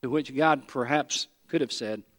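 A man's voice: mid-range voice, normal speed, in a large hall. A pastor preaching a conversational sermon, speaking in his own voice as he acts out imagined prayers.

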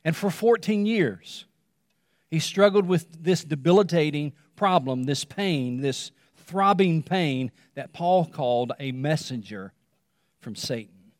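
Male pastor, slightly high voice, dry close mic with long hall tail, dramatic hushed drops, repetitive emphatic sermon delivery. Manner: dramatic pauses, repetition, drops to a hush on key words.

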